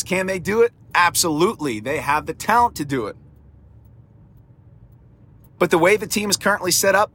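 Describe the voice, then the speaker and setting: A man's voice: a little high, bright, forceful tone, slight background noise. A man hosting a sports podcast on his own, his voice strained and damaged, talking in an emphatic, preachy way and repeating words for punch. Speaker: podcast host. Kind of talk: sports commentary podcast monologue.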